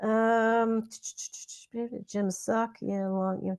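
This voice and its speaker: A woman chatting on a video call, telling a story with lively acted-out quotes. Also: fairly high pitch, drawn-out words, clean tone, dull audio. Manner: animated storytelling, acts out quotes loudly. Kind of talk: casual chat.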